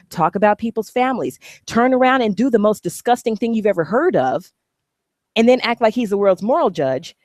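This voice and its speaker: A woman, an online commentator, reacts to a video with a heated, profane, sarcastic rant. Her voice is a little high with a darkish tone, recorded in clean studio sound with no echo.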